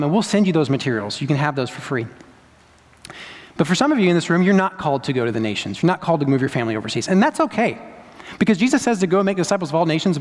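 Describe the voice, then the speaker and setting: A young adult man preaching a sermon to his church, earnest and conversational, pushing up on the points he stresses. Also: a little high. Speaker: pastor. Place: church sanctuary. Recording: long church hall reverb.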